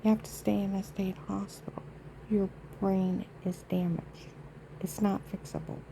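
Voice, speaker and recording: A woman's voice: mid-range voice, level tone, a little slow, gravelly, dark tone, a little hiss or hum, low-quality recording. A woman vlogging in a rambling, indignant monologue, aggrieved and emphatic with many asides.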